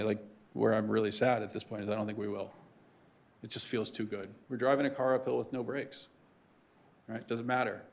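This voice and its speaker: A man's voice: mid-range voice, creaky. A man giving a conversational lecture to a room of students as a guest speaker, often checking in with "right?". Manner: conversational, keeps asking "right?".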